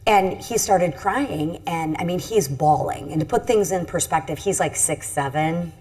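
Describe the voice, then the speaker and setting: A woman's voice: fairly low pitch, unhurried, darkish tone. A middle-aged woman from Michigan, a congresswoman telling a personal story on a panel in an earnest, candid, self-critical way.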